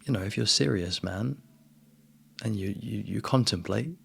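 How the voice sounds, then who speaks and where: Gravelly husky man, casual spiritual talk. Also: on the low side, measured pace. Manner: relaxed, says "man" often, emphatic bursts. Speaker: spiritual coach.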